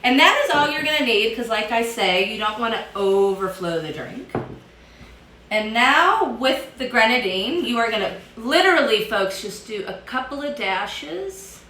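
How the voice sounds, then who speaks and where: Upbeat female home bartender, higher voice, chatting to viewers; echoey kitchen sound. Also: very animated, moderate pace, bright, forceful tone, a little hiss or hum. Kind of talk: casual cocktail how-to livestream.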